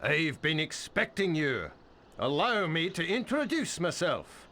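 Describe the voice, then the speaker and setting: A man's voice: fairly high pitch, sing-song, unhurried, bright, forceful tone, exaggerated voice. An actor playing a fawning, theatrical old man in a video game, talking in a flowery, dramatic way. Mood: pleading. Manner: flowery, eager to please, dramatic gasps.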